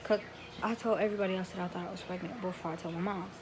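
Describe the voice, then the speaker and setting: A woman's voice: lowish voice, steady tone, very fast, noisy background. A teenage girl casually telling a rambling, emotional story to her vlog camera, in slangy everyday speech. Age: teens. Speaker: vlogger.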